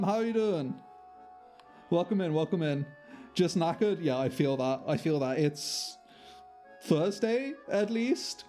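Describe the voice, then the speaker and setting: A man's voice: a little high, a little mellow. A man streaming a game live, chatting with viewers, sweary and self-mocking. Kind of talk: live gameplay commentary.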